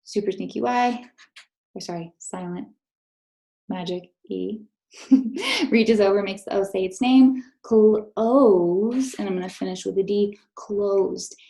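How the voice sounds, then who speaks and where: A woman's voice: medium pitch, unhurried, dark tone, low-quality recording. A woman teacher giving a recorded math lesson to third graders, patient and encouraging, speaking straight to her students.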